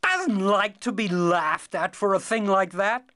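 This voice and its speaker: A man's voice: sits high, a little slow, heavy background noise, voice pushed up. A man voicing a small, timid young man who cries out in a strained, stammering way. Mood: indignant.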